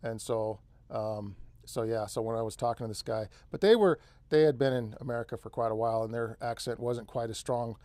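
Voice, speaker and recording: A man's voice: medium pitch, a little fast, few pauses, warm tone, dry recording. A man with a central Californian accent hosting an off-grid live stream, chatting casually and rambling, often saying man and dude. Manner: rambling, easygoing, says man and dude a lot. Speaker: off-grid channel host.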